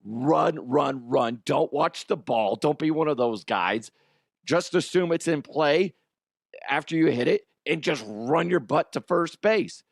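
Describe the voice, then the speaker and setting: Excitable middle-aged guy, host telling a story, unhurried, loud then quiet, dry close mic. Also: fairly high pitch, gravelly, no echo. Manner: excitable, swings from loud shouts to quiet asides. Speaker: radio show host. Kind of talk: animated storytelling chat.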